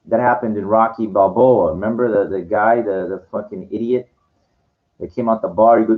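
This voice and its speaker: Man, lowish voice, lecturing rant, dull lo-fi recording, lots of restarts. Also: fairly even intonation, fairly quick. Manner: condescending, lecturing, stumbling restarts. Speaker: vlogger answering viewer comments. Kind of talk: ranting monologue to camera. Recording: dull lo-fi sound.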